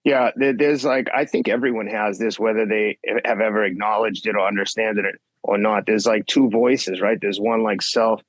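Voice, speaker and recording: A man in his fifties, a guest athlete telling race stories in blunt, profane, animated casual chat. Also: fairly low pitch, moderate pace, few pauses, dry recording. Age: 50s. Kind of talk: casual podcast storytelling.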